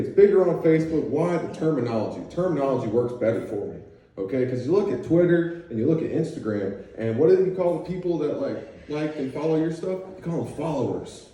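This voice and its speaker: A man's voice: mid-range voice, dark tone. A man doing a stand-up comedy set, talking loosely and crudely, often tossing "okay?" at the crowd. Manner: loose, crude, conversational with frequent "okay?" asides. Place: comedy club stage. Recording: roomy club sound from a distance, crowd reacting. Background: audience laughter.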